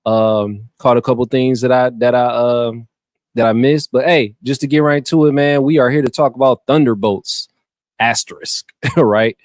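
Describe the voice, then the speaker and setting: This podcast host speaks at medium pitch and a moderate pace in a dry, studio-quality recording. He's casually reviewing a movie in a laid-back, slangy way, frequently tripping on names.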